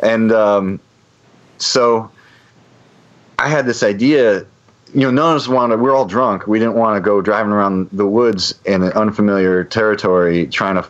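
Man, low voice, casual storyteller, rambling, many restarts, muffled lo-fi recording. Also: moderate pace. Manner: rambling, frequent restarts and fillers. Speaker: guest storyteller. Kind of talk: casual anecdote telling.

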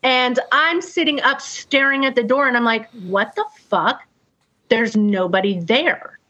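A woman's voice: a little high, moderate pace. A middle-aged woman casually telling a personal story to a group, acting out noises and swearing freely. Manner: animated, acts out sounds and quotes, swears freely. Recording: dull lo-fi sound.

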